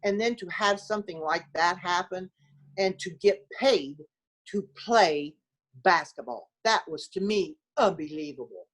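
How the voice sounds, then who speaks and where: Speaking unhurriedly in a fairly low voice, an older woman from small-town America is the guest in a casual interview, where she's a former basketball player sharing stories. She's an animated storyteller, acting out people's words and often breaking into laughter.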